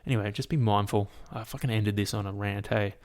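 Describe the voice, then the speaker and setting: This podcast host is a man with a fairly low voice who speaks fairly quickly. Alone on the mic, he rants and tells stories in an animated way, swearing heavily and filling every gap with "like."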